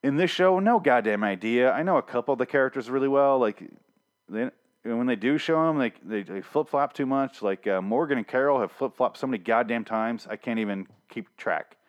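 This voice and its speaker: A man's voice: mid-range voice, animated, a little fast, dull audio. A young man reviewing a TV episode in a casual, profane, sarcastic rant, full of exasperated complaints.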